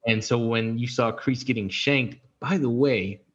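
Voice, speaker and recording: A man's voice: mid-range voice, measured pace, a bit bright, breathy edge, highs cut off. A man co-hosting a casual podcast chat, rambling and correcting himself as he goes. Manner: rambling, self-correcting, apologetic. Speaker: podcast co-host.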